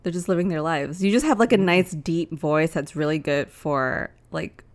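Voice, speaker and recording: A woman's voice: sits low, moderate pace. A young woman co-hosting a casual podcast from her living room, chatty and giggly, with lots of "like" fillers. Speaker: podcast co-host. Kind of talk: casual chat.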